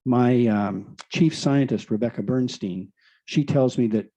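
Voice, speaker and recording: A man's voice: mid-range voice, unhurried, mellow, rough recording. A man giving an enthusiastic explanatory presentation, explaining through rhetorical questions.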